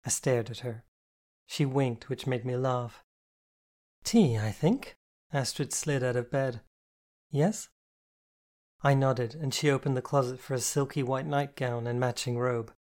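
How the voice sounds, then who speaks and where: A man reads a novel aloud in the first person at a middle pitch. He tells the story in a measured, expressive way, as in an audiobook. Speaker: audiobook narrator.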